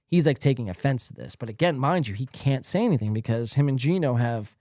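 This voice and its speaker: A man's voice: mid-range voice, expressive, brisk, mellow, dry recording, studio quality. A man hosting a podcast, commenting casually on clips in a crude, rambling way with plenty of swearing. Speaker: podcast host.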